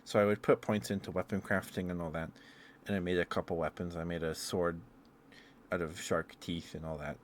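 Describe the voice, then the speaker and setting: A man in a soft-spoken ASMR ramble, telling meandering stories with fillers and chuckles. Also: low voice, flat delivery, brisk, a little hiss or hum. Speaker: ASMR streamer.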